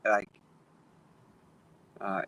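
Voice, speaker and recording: A man speaking as a podcast guest, calm and measured in casual conversation. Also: no echo, rough recording.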